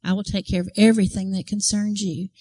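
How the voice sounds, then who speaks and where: In poor-quality audio, a woman speaks fast in a level, dark, medium-pitched voice. As a women's ministry speaker addressing a church group, she earnestly relates a story, performs the crowd's responses, and keeps a conversational tone, asking the audience questions.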